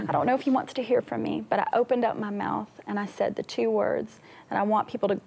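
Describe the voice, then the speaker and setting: A woman's voice: mid-range voice, a little fast, gravelly, a little mellow, slight background noise. A woman singer, a guest on a talk show, earnestly telling her personal faith story and laughing now and then. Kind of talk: personal faith testimony in an interview.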